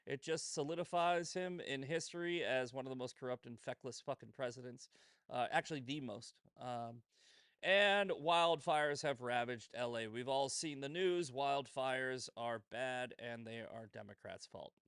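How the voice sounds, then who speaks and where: A man's voice: mid-range voice, unhurried, fairly bright tone, clear, resonant tone, no room sound, clean studio sound. A man hosting a casual commentary show, swearing freely, sarcastic, often breaking into laughter. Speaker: host.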